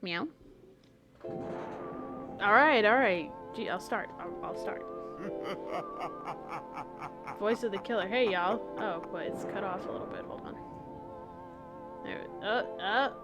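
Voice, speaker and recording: A woman streams a game from her home setup and talks in a loose, rambling way, muttering to herself and swearing now and then. Her voice sits at an ordinary middle pitch. Game music plays clearly behind her. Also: expressive, slow pace, pauses often. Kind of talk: casual live gameplay chatter.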